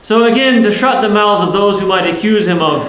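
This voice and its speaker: This priest's sermon is earnest and explanatory, punctuated by frequent questions to the listeners. He has a high, fairly bright voice and speaks fairly quickly. The setting is a church, recorded with heavy echo and faint noise.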